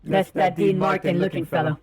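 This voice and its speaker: High-voiced man streaming a game. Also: flat delivery, brisk, a little hiss or hum. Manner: casual, reads game text aloud. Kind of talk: game commentary and reading aloud.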